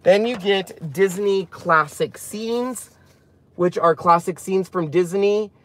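A man presenting a craft channel, chatting casually and rambling excitedly as he walks through a product. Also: high-pitched, slow pace.

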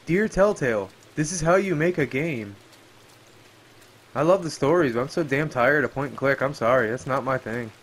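A man giving profane, excitable running commentary while playing a game, often yelping and exclaiming. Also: medium pitch, normal speed, husky. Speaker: gameplay streamer. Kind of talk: let's play commentary.

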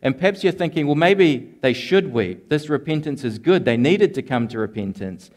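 Guy preaching a sermon, earnest, slows down on the big lines, restarts his phrases a lot. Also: fairly high pitch, lively intonation, darkish tone. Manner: repeats words and restarts phrases. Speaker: pastor.

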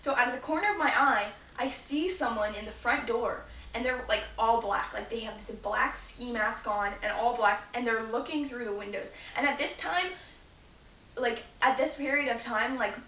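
A teenage girl with a fairly high voice rambles through a story, stacking fillers and restarting her sentences. She sits some way from the mic in a roomy space. The sound is dull and lo-fi under a faint hiss. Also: normal speed, far from the mic. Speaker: vlogger. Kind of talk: casual storytelling to camera.

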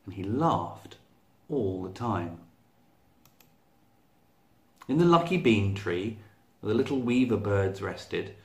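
A male storyteller reading a picture book aloud to children, unhurried and expressive. His voice carries a gravelly texture at a middle pitch, and the room gives it a noticeable echo. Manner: slow, clear, expressive read-aloud. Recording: echoey room.

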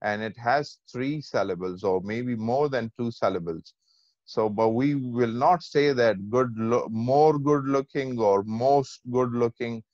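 A man giving an online grammar lecture, slowly going over examples and checking often that students follow. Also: mid-range voice, darkish tone, no room sound. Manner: slow, repetitive, checks understanding often. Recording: dull, lo-fi online call.

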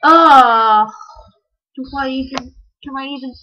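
A woman giving casual, rambling commentary while playing a game, breaking into sudden excited yelps. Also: sits high, takes it slowly. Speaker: gamer. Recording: dull lo-fi recording.

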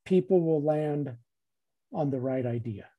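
A man giving a reflective dharma talk in a measured way, repeating phrases and leaving long pauses. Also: on the high side, muffled recording.

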